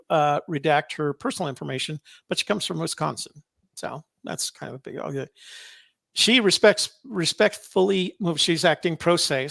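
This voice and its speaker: A man hosting a podcast, reading court filings aloud with wry, sarcastic asides and many halting fillers. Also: a little high, gravelly, a bit bright, no echo, clean studio sound. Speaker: podcast host.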